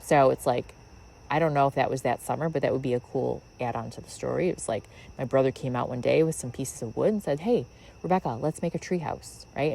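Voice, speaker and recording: Very low-voiced woman musing in her backyard. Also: vocal fry, mellow, slight background noise, poor audio. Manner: musing, rambling with many fillers. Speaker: podcast host. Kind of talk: reflective spiritual monologue. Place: outdoors in a backyard.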